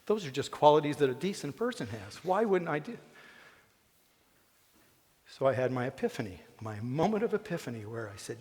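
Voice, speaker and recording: A man's voice: medium pitch, very animated, fairly quick, pauses often, darkish tone, slightly rough. Folksy man speaking in a reverberant theatre. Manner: folksy and joking, then earnest and emotional. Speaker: commencement speaker. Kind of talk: personal commencement speech. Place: theatre stage. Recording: long hall reverb in a theatre.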